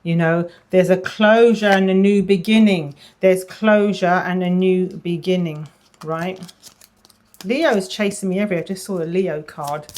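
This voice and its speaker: A woman giving a casual tarot reading, chatty, often repeating phrases and dropping into a soft murmur. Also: on the low side, moderate pace, slight background noise. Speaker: tarot reader.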